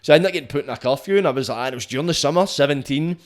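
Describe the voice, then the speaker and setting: A young Glaswegian man hosting a podcast, chatting casually with fast, sweary banter. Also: on the high side. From Scotland. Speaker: podcast host. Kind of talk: casual chat.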